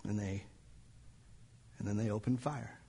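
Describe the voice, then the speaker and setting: A man's voice: lowish voice, steady tone, a little slow, vocal fry, mellow, slightly rough, in a large hall. A male pastor preaching a sermon in a church, telling a story dramatically and sometimes dropping to near-whispers. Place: church sanctuary.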